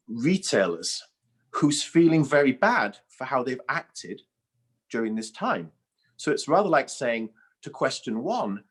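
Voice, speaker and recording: A man co-hosting a webinar discussion, speaking haltingly and restarting his words. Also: mid-range voice. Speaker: co-host.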